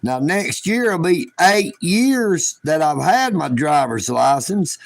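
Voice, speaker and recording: A man with a fairly high, sing-song voice speaks slowly with vocal fry and no echo. Hosting a livestream, he chats casually in a folksy, joking, rambling drawl.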